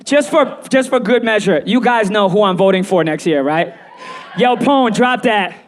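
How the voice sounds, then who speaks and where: A man doing live stand-up comedy for a small audience, playful and animated, often slipping into quoted voices. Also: high-pitched, normal speed.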